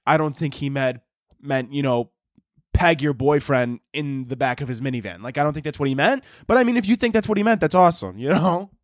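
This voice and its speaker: A man's voice: fairly high pitch, a little fast, no room sound, studio quality. A young man hosting a comedy podcast, telling a rambling, profane, sarcastic monologue and laughing often. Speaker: podcast host.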